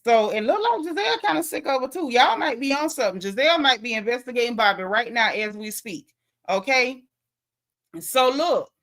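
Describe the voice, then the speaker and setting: A woman's voice: fairly high pitch, animated, a little fast, fairly bright tone. A woman recapping a reality show in casual, gossipy chat, acting out what the cast said.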